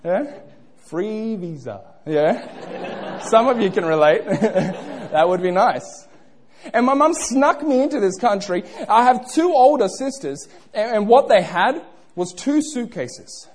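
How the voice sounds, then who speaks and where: Young male preacher, husky voice with a very lively pitch, playful and chatty with his congregation. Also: slow. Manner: playful, interactive, asks the crowd questions. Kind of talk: sermon.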